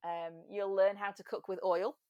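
A woman's voice: mid-range voice, little pitch movement, moderate pace, darkish tone, clear, resonant tone, no echo, highs cut off. An English woman chatting animatedly as a podcast guest, telling stories and slipping into little voices. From England. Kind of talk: casual chat.

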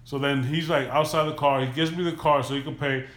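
A man's voice: medium pitch, fairly quick. Profane storytelling man, echoey room. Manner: loose, profane, animated retelling. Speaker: podcast host. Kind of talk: casual storytelling.

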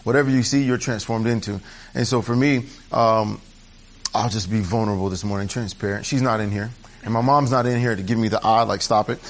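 With a fairly low, fairly even voice and a slightly fast delivery, a pastor preaches a conversational sermon at his church service. He's candid and chatty, drifting off into asides and restarting his sentences.

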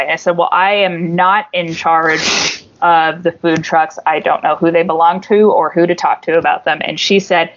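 A woman with a lower voice tells a story on a podcast, casual and swearing freely. She jumps into the voices of the people she quotes, and the sound is dull and lo-fi. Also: a little slow. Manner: animated, profane, acts out quoted voices. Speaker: podcast co-host.

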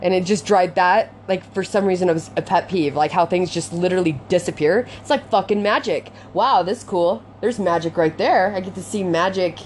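A woman's voice: fairly low pitch, a little fast, few pauses, a little mellow, slight background noise. A young woman venting to her audience in an unscripted confessional talk, rambling and frustrated, swearing often and filling with "like".

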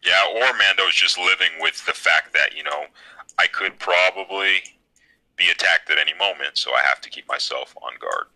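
A man's voice: deep voice, normal speed, pushed and bright, rough recording. A young man hosting a casual podcast chat, enthusiastic and upbeat, steering the talk.

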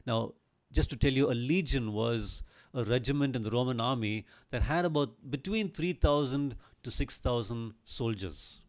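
A man's voice: mid-range voice, moderate pace. A man teaching a Bible story in an earnest, emphatic way, often asking the listener rhetorical questions.

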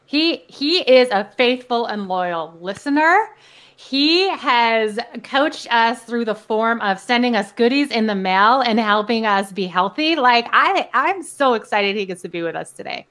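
A woman's voice: a little high, animated, unhurried, fairly bright tone. A woman co-hosting a podcast who speaks in an encouraging, friendly way to her guest. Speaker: podcast co-host. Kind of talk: casual podcast chat.

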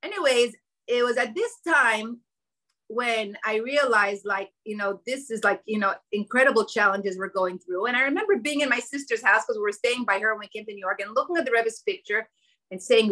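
A woman's voice: on the high side, lively intonation, normal speed, pushed and bright, poor audio. A woman telling a personal story at a women's gathering, emotional and quoting her own inner thoughts, with religious Jewish vocabulary.

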